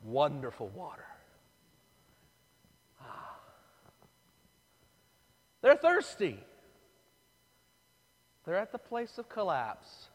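A man's voice: a little high, wildly swooping pitch, drawn-out words, long pauses, husky. A man preaching a sermon, telling the story dramatically and acting out the voices of the people. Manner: dramatic, acts out voices of the crowd. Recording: long reverb of a large hall.

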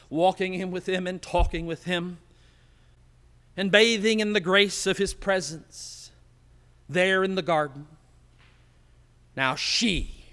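A man preaching a sermon as pastor, slow and emphatic, dropping to a hush on key words, recorded in an empty church. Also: high voice, long reverb tail. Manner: slow, emphatic preaching with dramatic drops to quiet.

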